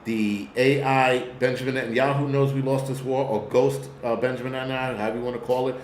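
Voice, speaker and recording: A man's voice: medium pitch, little pitch movement, fast talker, reverberant, a little hiss or hum. Blunt, profane New York man ranting. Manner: blunt, profane, rambling rant. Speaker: host. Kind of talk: live-stream commentary.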